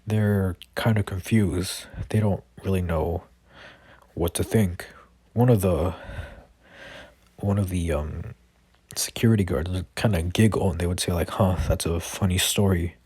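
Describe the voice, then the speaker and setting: A man improvising a fan-fiction story in a rambling, hesitant way, with constant fillers and restarts. His voice is deep and slightly husky, and he takes his time. The recording is close and dry. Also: a little slow, long pauses, dark tone, no room sound.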